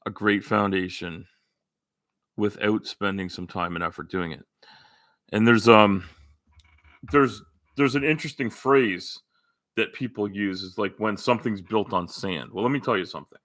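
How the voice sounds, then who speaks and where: A middle-aged man chatting casually on his own stream, wandering off topic, cursing and restarting his sentences. His voice sits on the low side but sounds bright and forceful. The sound is dry and close. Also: dry recording. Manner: rambling, profane, many restarts and fillers. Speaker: streamer host. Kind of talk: casual livestream chat.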